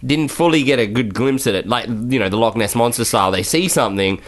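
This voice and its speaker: Man, podcast guest, laid-back speculative talker, mid-pitched. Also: expressive, brisk. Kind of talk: casual chat.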